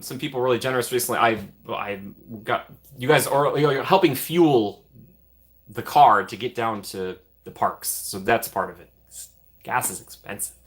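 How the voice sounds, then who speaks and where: A man's voice: medium pitch, a bit bright. A man hosting a casual livestream, reading out donations and thanking viewers over and over with frequent laughs. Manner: grateful, reads out donations with quick repeated thanks and laughs. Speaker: livestream host.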